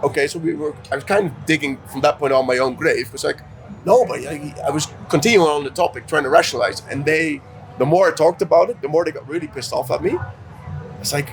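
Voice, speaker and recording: A man's voice: on the high side, quick pace, gravelly. A man co-hosting a casual chat, telling a story with many fillers and acting out what people said. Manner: animated storyteller, acts out quotes, many fillers. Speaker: dating coach, co-host.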